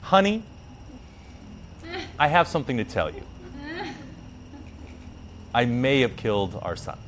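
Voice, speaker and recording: A man voicing a proud, hot-headed male god who speaks in a hushed, grave tone. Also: medium pitch, big pitch swings, slow pace, slight background noise.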